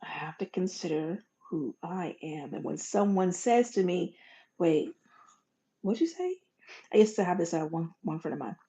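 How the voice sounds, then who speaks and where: A woman hosting a motivational monologue in a folksy, animated way, swinging from loud bursts to soft whispers. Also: lowish voice, moderate pace. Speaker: podcast host. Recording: dull lo-fi recording.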